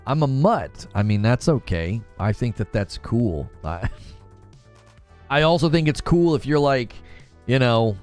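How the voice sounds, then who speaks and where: A man's voice: medium pitch, big pitch swings, a little slow, a little mellow, soft background music. A man chatting casually on a gaming live stream, rambling and correcting himself as he talks. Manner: rambling, self-correcting, laughs often.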